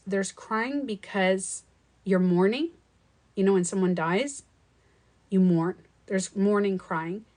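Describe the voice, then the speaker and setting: A middle-aged woman coach talking casually to her viewers, telling a story with swearing, laughter and lively acted-out quotes. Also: medium pitch. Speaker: life coach and author. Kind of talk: casual live-stream monologue.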